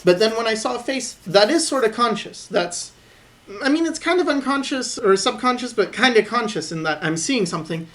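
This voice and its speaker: A man talks over his sketching in a calm, reflective way. He thinks aloud and reasons through each point as he draws. His tone stays encouraging and easygoing. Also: very high voice, fairly quick. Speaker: artist teaching drawing. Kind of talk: voice-over commentary while sketching.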